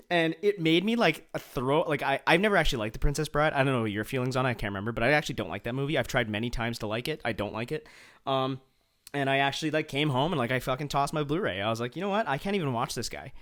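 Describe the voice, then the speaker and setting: A man's voice: mid-range voice, expressive, fast, a bit bright. Profane rambling podcast co-host, man. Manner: profane, rambling anecdote with many restarts. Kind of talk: casual podcast chat.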